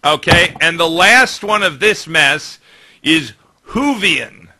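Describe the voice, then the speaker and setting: Bright-toned male talk show host. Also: fairly high pitch, lively intonation, slight background noise. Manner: wry, leads segments briskly. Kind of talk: casual talk radio banter.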